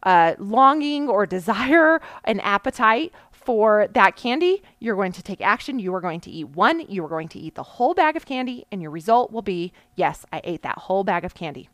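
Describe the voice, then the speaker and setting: A woman's voice: mid-range voice, very animated, normal speed, hardly any pauses, a bit bright, dry recording. A woman coach giving an earnest, explanatory motivational lesson, often checking in with her listeners and pushing some words with bursts of emphasis. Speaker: mindset coach. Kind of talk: motivational teaching talk.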